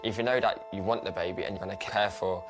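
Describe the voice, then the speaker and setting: A man's voice: low-pitched, fairly even intonation. A young man, an expectant father, talking and bantering jokily in a documentary interview. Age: young adult. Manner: joking, quick banter. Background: background music.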